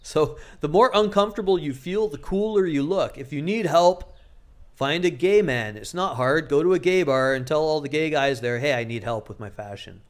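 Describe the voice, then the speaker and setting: Guy doing a jokey dating advice vlog, crude humor, voice sits a bit high. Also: normal speed. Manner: joking, crude, acts out quoted lines in exaggerated voices. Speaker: dating coach. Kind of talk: casual advice vlog to camera.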